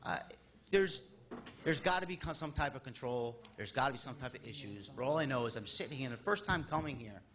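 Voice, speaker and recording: A man's voice: medium pitch, animated, fairly quick, fairly bright tone. A man in his thirties speaking at public comment during a town board meeting, rambling and exasperated, with many restarts. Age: 30s.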